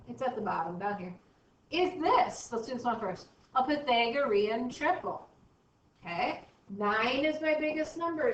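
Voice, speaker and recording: High-pitched lady teacher working math problems out loud, kinda far from the mic, muffled. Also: slight background noise. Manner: chatty, thinks aloud while working problems. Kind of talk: recorded math lesson. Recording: dull, roomy, from off mic.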